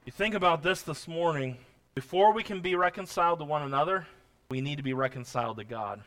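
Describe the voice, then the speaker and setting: A man's voice: a little high, brisk, a bit bright. A man preaching a sermon, quoting scripture and pressing his points with rising emphasis, with a folksy, self-deprecating aside. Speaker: pastor.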